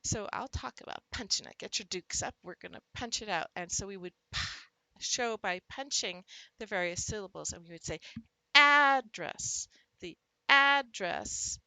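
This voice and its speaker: A woman teaching fellow teachers about word stress, showing it by punching out syllables and calling the examples out loudly. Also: mid-range voice, a little fast, gravelly, no echo, low-quality recording. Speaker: literacy teacher. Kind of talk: instructional talk to teachers.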